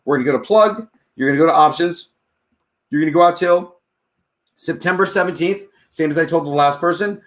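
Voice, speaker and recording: Man, trading advice host, slightly raised pitch, brisk and sure, keeps checking in with the listener. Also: fairly bright tone. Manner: brisk, confident, walks through numbers aloud; checks in with "all right?" and "okay?" often. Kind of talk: casual advice monologue.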